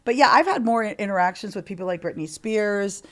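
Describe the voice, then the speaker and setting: A woman's voice: mid-range voice, lively intonation, fairly quick. A middle-aged woman from Canada, a podcast guest telling candid stories in a chatty way and swearing freely. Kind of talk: candid interview storytelling.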